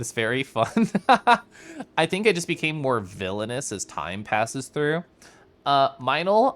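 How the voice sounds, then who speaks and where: A young man streaming a game, chatting casually with his viewers in a flowing, animated monologue and laughing often. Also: mid-range voice. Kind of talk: casual live-stream chat while gaming.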